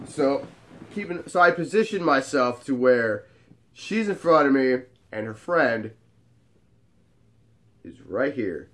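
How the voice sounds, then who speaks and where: A man's voice: mid-range voice, animated, takes it slowly, pauses often, a bit bright. A man in his twenties, a bartender telling a story in a casual way and acting out the dialogue. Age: 20s.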